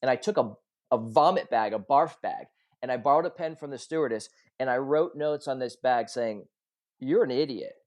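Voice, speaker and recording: A man's voice: mid-range voice, brisk. Earnest man telling a confessional story. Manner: earnest, confessional storytelling with lively quoted dialogue. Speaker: podcast guest, coach and author. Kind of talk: storytelling in a podcast interview.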